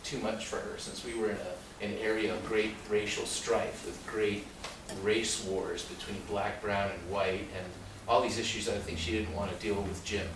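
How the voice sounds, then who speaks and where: A man born in Mexico and raised in San Diego, giving a storytelling talk as an author at a library and often laughing and jumping up in pitch. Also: moderate pace. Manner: lively, laughing storyteller with sudden jumps up in pitch and loudness. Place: public library event room. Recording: very echoey room, distant mic, noisy.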